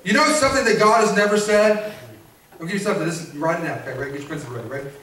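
A man's voice: sits high, rapid-fire, a bit bright. A male preacher giving a sermon in a church, repeating phrases and calling for responses from the congregation. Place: church sanctuary. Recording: echoey church from a distance.

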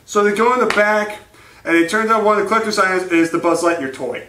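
A man telling a rambling, crude comic story, laughing often and slipping into quick character voices. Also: high-pitched, recorded from a distance, background noise. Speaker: host. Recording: echoey room.

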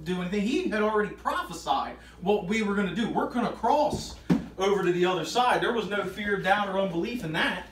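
A man's voice: high voice, a bit bright. A man preaching at an informal Bible study. He reads scripture aloud and grows emphatic as he explains it. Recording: echoey room, voice from far off, faint noise.

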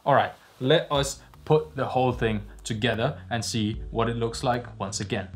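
A man's voice: medium pitch, normal speed, breathy edge. A man hosting a casual gear review vlog, joking and explaining, recorded outdoors on a windy day with a lavalier mic. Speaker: video host reviewing filming gear. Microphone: lavalier mic into a phone.

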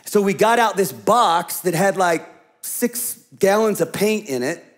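Man, high-pitched, pastor, sermon, animated storytelling, hushed slow emphasis. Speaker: senior pastor.

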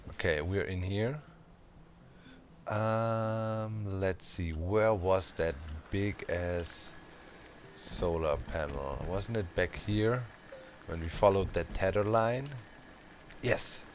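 A man hosting a gameplay channel, chatting casually and thinking out loud as he plays, throwing in little sound effects. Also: low-pitched, slight background noise. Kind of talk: casual let's-play commentary.

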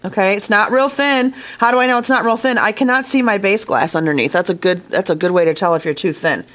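Speaking at a quick pace in a mid-range, slightly bright voice, a woman walks viewers through glass fusing in a casual hands-on tutorial. She's chatty and enthusiastic, talking directly to them from her studio workshop.

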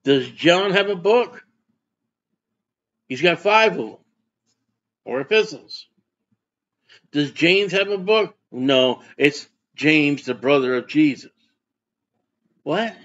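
A man's voice: on the high side, lively intonation, slow pace, pauses often, a bit bright, dull audio. A man preaching a sermon as pastor, folksy and conversational, often putting questions to his congregation.

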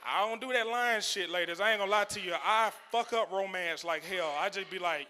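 A man's voice: high voice, fairly quick, few pauses, bright, forceful tone. A male stand-up comedian on a club stage, talking loosely and chuckling through his punchlines. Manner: loose, conversational, trailing punchlines with laughs. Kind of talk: stand-up set.

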